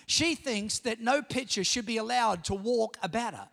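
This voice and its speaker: A middle-aged Australian pastor preaches with animated storytelling that swells into shouts. His voice sits very high, with a gravelly edge. It rings out with a long reverb, as in a large hall. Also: normal speed. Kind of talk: sermon with personal stories.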